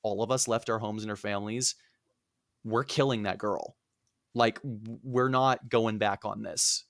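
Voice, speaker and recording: War-weary troops, flat casual refusal; man doing it low. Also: a little slow, no room sound, studio quality. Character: weary male soldiers, refusing orders.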